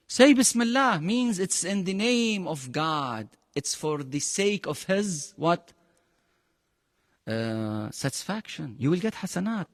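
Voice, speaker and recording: Arabic-accented male religious teacher, fairly high voice, lively and questioning, dry sound with a long hall tail. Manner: animated, questioning the class, pitch jumping high for emphasis. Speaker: Quran teacher. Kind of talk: interactive religious lesson.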